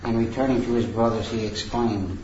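A man reading a Bible passage aloud to a study group, in a measured, careful way with a few small slips. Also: lowish voice, fairly even intonation, a little mellow, a little hiss or hum. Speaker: scripture reader. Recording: echoey, dull lo-fi room recording.

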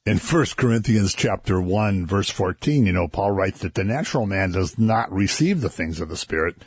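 Male co-host, low husky voice, relaxed conversational storytelling. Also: moderate pace, dry recording, clean studio sound. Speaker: co-host discussing scripture. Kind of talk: casual Bible discussion.

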